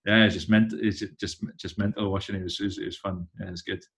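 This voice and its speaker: Lowish voiced guy in his 30s, rambly casual chat, keeps restarting sentences. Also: flat delivery. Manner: rambling, halting, many restarts. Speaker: touring musician, guest. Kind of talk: casual conversation.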